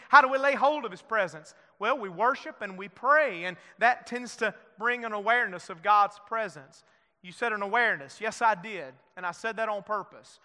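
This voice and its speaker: A man preaching a Pentecostal-style sermon, moving between shouted scripture and hushed, intimate storytelling. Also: high voice, clear, resonant tone. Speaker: pastor. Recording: long church hall reverb.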